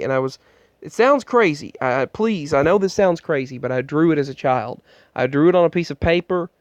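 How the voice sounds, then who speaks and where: A man speaks earnestly into an earbud microphone, his smooth, slightly high voice stumbling and restarting as he tells his own story. The sound is dry and close, though a little dull and muffled, as from a small indoor space. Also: no room sound. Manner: earnest, halting, many restarts. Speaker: vlogger. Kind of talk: personal storytelling vlog.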